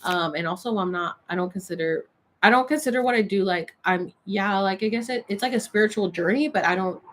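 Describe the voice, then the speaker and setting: A woman chats through a casual storytime vlog, her voice set at an ordinary middle pitch. She rambles and fills her sentences with filler words. A faint hiss of noise sits under her voice. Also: brisk, fairly bright tone. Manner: rambling, filler-heavy retelling; reads oracle cards aloud. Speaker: social media creator.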